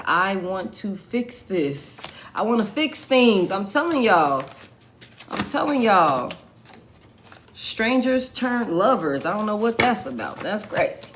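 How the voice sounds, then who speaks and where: A woman's voice: medium pitch, slight background noise. A woman doing a casual tarot reading for viewers, blunt and profane, repeating her points for emphasis. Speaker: tarot reader.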